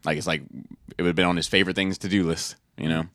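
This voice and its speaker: A man's voice: low voice, very fast, dry recording, studio quality. A man co-hosting a casual podcast chat, swearing freely and laughing as he tells stories. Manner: swears freely, laughs often, animated storytelling. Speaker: podcast co-host.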